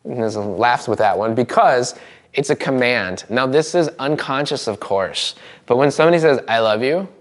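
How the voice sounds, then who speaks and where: A man teaching a live seminar, animated and demonstrative, acting out examples for the audience. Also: medium pitch, normal speed. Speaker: seminar trainer.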